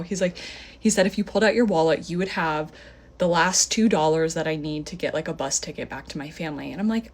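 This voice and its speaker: A young woman tells a story briskly and with animation, in the casual style of a phone video. She fills her speech with "like," and her voice leaps high whenever she quotes someone.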